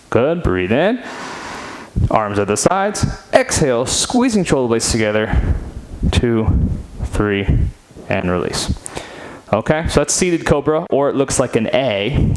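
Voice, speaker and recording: Man, fitness instructor, lively sing-song cues, counts reps, chatty asides. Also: mid-range voice, rough recording. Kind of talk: guided seated stretching class. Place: home studio.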